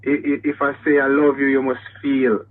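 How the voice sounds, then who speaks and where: A man's voice: medium pitch, flat delivery, normal speed. A male singer being interviewed over a phone call, earnest, with stammering restarts. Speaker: singer, guest. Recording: tinny phone line.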